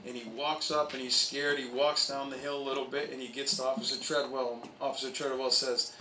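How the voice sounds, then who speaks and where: A man's voice: medium pitch, flat delivery, a little fast, pushed and bright, roomy sound, distant mic, a little hiss or hum, low-quality recording. A man, a college soccer coach, telling stories at an outdoor memorial speech. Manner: anecdotal storytelling, with chuckles. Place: outdoor stadium.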